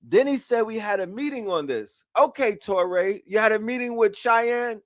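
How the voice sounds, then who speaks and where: A man's voice: high-pitched, animated, moderate pace, no echo, clean studio sound. A man giving loose, mocking reaction commentary on a clip. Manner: mocking, loose, laughing asides.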